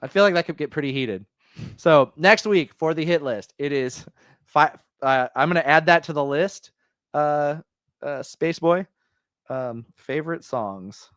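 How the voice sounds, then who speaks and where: A man's voice: on the high side, moderate pace, a bit bright, clean tone, no echo, clean studio sound. A man hosting a pop-culture podcast, talking casually and rambling through fillers and restarts. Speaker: podcast host.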